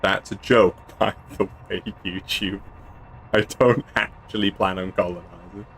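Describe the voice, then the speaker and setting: A man's voice: low-pitched, steady tone, unhurried, fairly bright tone, a little hiss or hum. A man from England casually chatting through a game stream, playful and chatty, throwing in silly sound effects. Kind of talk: casual gameplay commentary.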